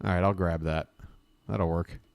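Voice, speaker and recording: A man's voice: low voice, fairly even intonation, moderate pace, vocal fry. A man hosting a live stream, riffing with sarcastic jokes in a rambling, self-interrupting way. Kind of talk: casual live-stream commentary.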